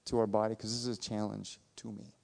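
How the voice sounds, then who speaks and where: A man's voice: lowish voice, little pitch movement, fast, gravelly, darkish tone. A man preaching a sermon as a pastor, earnest and emphatic, repeating his points for weight. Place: church sanctuary. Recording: reverberant church hall.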